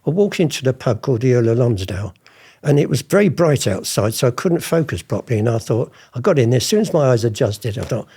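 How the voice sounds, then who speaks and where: A man's voice: medium pitch, quick pace, breathy edge. An older man, telling rambling stories as an interview guest. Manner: rambling, animated anecdotes with acted quotes. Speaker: interviewee, art forger. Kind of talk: casual storytelling.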